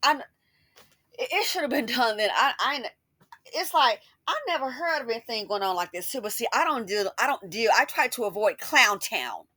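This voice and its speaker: A woman's voice: a little high, expressive, normal speed, sharp tone, dry recording. A woman giving sassy, scolding commentary in a casual style. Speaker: commentary host.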